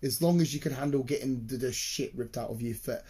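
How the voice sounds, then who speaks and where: A man's voice: mid-range voice, brisk, warm tone, slightly rough. A young man in casual chat, telling blunt, sweary stories about his workmates.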